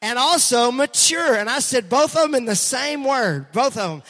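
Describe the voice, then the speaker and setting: High-voiced pastor preaching in a reverberant hall. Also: male voice, normal speed. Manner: energetic, conversational, calls on the congregation to respond. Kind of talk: sermon. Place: church sanctuary.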